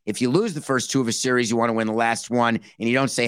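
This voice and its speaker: Male sports podcast host, mid pitch, dry close sound, animated and rhetorical, slips into quoted calls. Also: quick pace, few pauses, clean tone, no room sound. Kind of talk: casual solo sports commentary.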